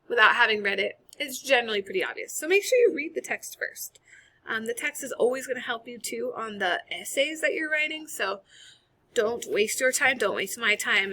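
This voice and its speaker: A woman's voice: a little high, lively intonation, moderate pace, pushed and bright. A woman teacher talking casually through a recorded screen-share lesson, upbeat and chatty with frequent fillers. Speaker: high school English teacher.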